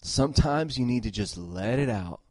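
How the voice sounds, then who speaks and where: Earnest pastor preaching, dry close sound. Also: male voice, mid-range voice, lively intonation, moderate pace, dry recording. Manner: earnest, emphatic, repeats phrases, swings between loud exhortation and soft tender talk. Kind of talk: sermon.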